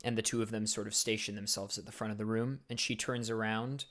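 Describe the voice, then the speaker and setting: A man's voice: fairly low pitch, level tone, fast, a bit bright. A man narrating a tabletop game as dungeon master, describing scenes casually with lots of fillers.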